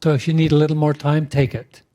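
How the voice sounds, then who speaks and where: A man hosting a party convention, introducing the next speaker in a quick, casual way. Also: fairly high pitch, little pitch movement, warm tone. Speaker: event host.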